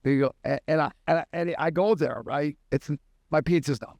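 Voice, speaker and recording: A man with a notably high voice tells long, rambling stories as a comedy podcast host. The sound is dry and close, with no room echo. He talks loosely, in casual chat. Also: normal speed, a little mellow. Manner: rambling anecdotal storyteller.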